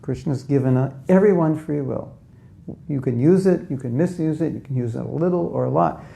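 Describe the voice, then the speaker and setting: A man leading a conversational spiritual talk before a live audience frequently asks them questions and performs inner voices as quotations. As a spiritual teacher, he speaks briskly in a fairly high, gravelly yet mellow voice.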